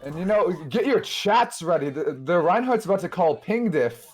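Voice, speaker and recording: A male esports caster calling a match live over a headset. His voice sits slightly high and leaps around in pitch as the action heats up. He talks in quick bursts, often restarting his sentences. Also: slightly rough. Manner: excitable, quick play-by-play with frequent restarts.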